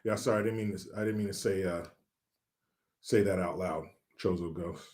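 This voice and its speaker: Reading viewer comments on his relaxed livestream, a man from California cracks jokes, curses openly, and breaks into laughter, speaking in a low, darkish voice.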